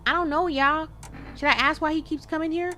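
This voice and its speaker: A woman giving casual gameplay commentary, animated and chatting straight to her viewers with quick exclamations. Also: sits high, slight background noise. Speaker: gaming video creator.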